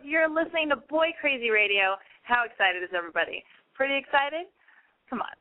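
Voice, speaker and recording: A woman with a lisp hosting a casual call-in radio show, excitable, profane and self-mocking. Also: high voice, a little fast, a little hiss or hum. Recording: tinny phone-line sound.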